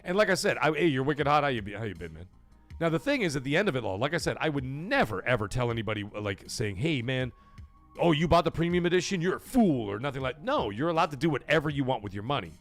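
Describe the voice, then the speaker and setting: A man's voice: mid-range voice, big pitch swings, fast, fairly bright tone, soft background music. A man hosting a gaming livestream, talking to chat in an emphatic, blunt way with swearing. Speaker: gaming show host.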